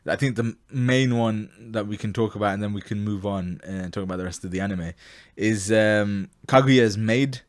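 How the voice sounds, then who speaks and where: Male podcast co-host, low-pitched, hesitant casual chat, dry recording. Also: normal speed, few pauses, no echo. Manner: hesitant, many fillers, laughs at the funny bits.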